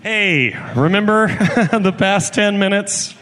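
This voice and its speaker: A man co-hosting a live comedy podcast on a festival stage, excitable, breaking into loud exclamations and casual swearing. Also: high-pitched, slow, slight background noise. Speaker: podcast co-host. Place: hall at a live festival show. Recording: live hall reverb.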